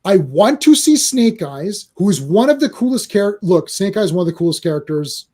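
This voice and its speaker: A man's voice: sits high, very animated, moderate pace, mellow. A man ranting in casual movie chat, acting out quoted reactions. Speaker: podcast co-host.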